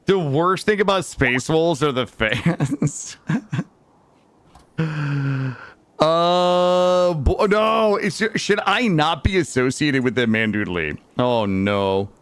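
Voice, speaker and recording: A man's voice: fairly high pitch, expressive, takes it slowly, no room sound. A young man streaming a game, chatting playfully with his viewers and swearing casually. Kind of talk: casual gaming stream chat.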